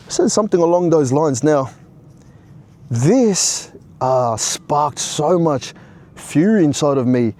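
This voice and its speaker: A man's voice: on the high side, lively intonation, slow pace, mellow. A man casually recounting a personal story, with frequent restarts and plenty of "bro" and "you know". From Australia.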